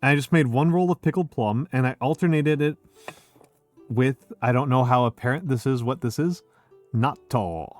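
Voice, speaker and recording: A man's voice: medium pitch, moderate pace, darkish tone, no echo, soft background music. A middle-aged man hosting a casual drinking stream from home, rambling and swearing as he keeps interrupting himself. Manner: rambling, profane, self-interrupting. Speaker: streamer host.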